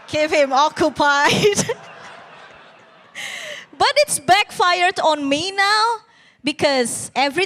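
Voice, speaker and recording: A woman's voice: high voice, a bit bright. A young woman performing a stand-up comedy routine on a TV competition stage, with a bold, teasing, self-mocking delivery.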